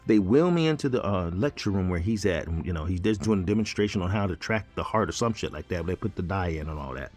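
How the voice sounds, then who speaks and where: Male host, casual storyteller, husky voice, lively pitch, jokey asides. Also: quick pace, hardly any pauses, soft background music. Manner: animated, joking, conversational. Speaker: show host telling his story.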